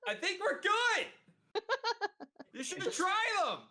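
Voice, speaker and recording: A man voicing a male adventurer cursed with tiny hands who shouts every word without controlling his volume. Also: very high-pitched, sing-song, takes it slowly, voice pushed up, full character voice. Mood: cheerful shouting.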